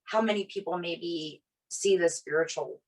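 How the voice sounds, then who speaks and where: A podcast co-host with a lowish voice speaks at normal speed, casually telling a personal story. She is from an Italian family and animatedly acts out whoever she quotes, using many "like" fillers.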